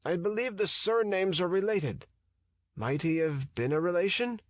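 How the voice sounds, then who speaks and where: A man's voice: sits high, lively intonation, normal speed, no room sound, voice pushed up. A stiff, aloof elderly scientist with a thick Eastern European accent, as a male narrator puts him on. The voice is raised well above the reader's natural register and its tone is changed, and he answers in clipped, reserved phrases.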